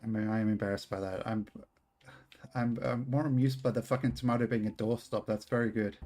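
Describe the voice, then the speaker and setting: A man's voice: fairly low pitch, fairly even intonation, a little fast, warm tone, faint music behind. An Australian man streaming a game, rambling casually, swearing freely and joking at his own expense. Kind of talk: casual live-stream chat while playing.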